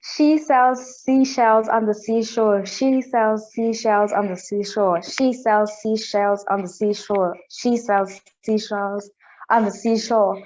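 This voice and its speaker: Woman reciting slowly over a dull call line. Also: medium pitch, fairly even intonation, a little mellow. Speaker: student on video call. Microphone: video call. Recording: dull lo-fi video call audio.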